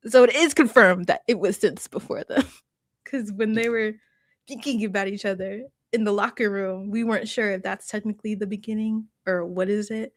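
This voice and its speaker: A woman's voice: mid-range voice, fairly even intonation, moderate pace, dry recording, clean studio sound. A woman hosting a casual reaction chat, talking with laughs and acting out quotes. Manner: chatty, laughs often, acts out quotes. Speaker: host.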